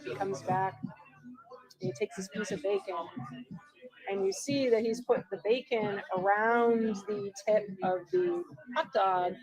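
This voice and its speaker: Woman co-host, blunt animated plot recaps, noisy bar crowd behind. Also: medium pitch. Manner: blunt, animated retelling of plots. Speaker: co-host reviewing festival films. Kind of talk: casual chat. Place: bar or restaurant. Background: crowd chatter.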